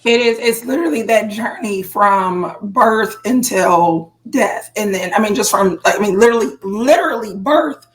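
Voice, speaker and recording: A woman co-hosts a casual music podcast, telling stories in a casual chat. She's an animated storyteller with frequent fillers and restarts. Her mid-range voice keeps a moderate pace with hardly any pauses.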